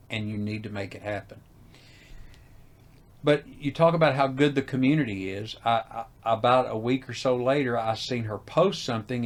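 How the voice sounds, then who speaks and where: Lower-voiced middle-aged man. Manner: animated, acts out quoted dialogue. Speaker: haunted house owner, guest. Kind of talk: storytelling interview.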